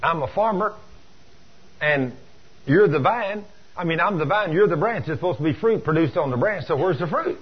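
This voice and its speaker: A man voicing a stern male Lord who demands fruit, in a husky voice over a dull lo-fi broadcast. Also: on the high side, lively intonation, normal speed. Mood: demanding. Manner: demanding, pressing questions.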